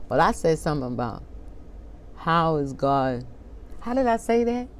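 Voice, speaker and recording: Low-voiced woman preaching with fervor. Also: sing-song, slight background noise. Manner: impassioned, talks back to an imagined congregation, laughs at herself; reads scripture slowly and deliberately. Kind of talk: informal sermon.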